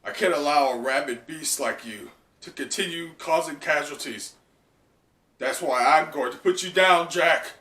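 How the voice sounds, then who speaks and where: A man's voice: on the high side, measured pace, sharp tone. A man reading as a stern warrior lord. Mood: resolute. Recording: echoey room, mic at a distance.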